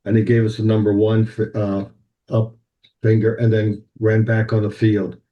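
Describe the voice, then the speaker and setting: An older man tells stories as a podcast guest, animated and anecdotal. His voice sits a little low. The recording sounds dull and lo-fi. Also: moderate pace. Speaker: band president, guest. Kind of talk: podcast interview, storytelling.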